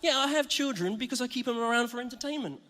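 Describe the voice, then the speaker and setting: A man's voice: very high voice, fast, sharp tone. A man from Scotland giving a chatty, self-mocking sermon as a church preacher. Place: large church hall. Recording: reverberant church hall.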